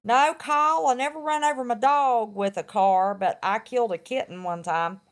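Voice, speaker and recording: A woman's voice: fairly high pitch, normal speed. A middle-aged woman, chatting casually and bluntly on her live stream and laughing often. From West Virginia.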